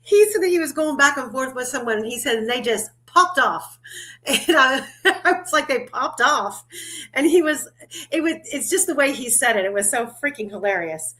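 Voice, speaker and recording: A woman's voice: high-pitched, lively intonation, brisk, a bit bright. A woman hosting a casual livestream chat, talkative and loose, swearing now and then and laughing often. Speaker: livestream host.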